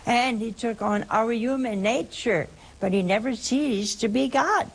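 A woman's voice: on the high side, unhurried, poor audio. A woman hosting a call-in show who answers a caller with emphatic religious teaching, repeating key points and quoting scripture at length.

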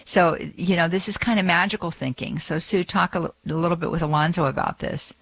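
A man hosting a call-in religious radio show who laughs easily and gently corrects a caller. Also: a little high, brisk, slightly rough, poor audio. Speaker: radio host.

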